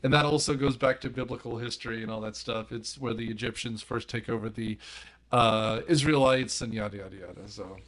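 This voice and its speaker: A man's voice: mid-range voice, brisk, fairly bright tone. A man on a movie podcast panel, animatedly retelling film scenes and giggling as he talks. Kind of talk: casual movie discussion.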